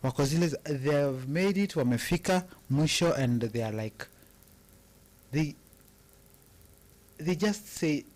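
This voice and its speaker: A man's voice: fairly high pitch, animated, unhurried, pauses often, a little mellow. Kenyan man musing in live chat. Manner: musing, repeats phrases for emphasis. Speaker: co-host. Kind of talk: casual live-stream chat.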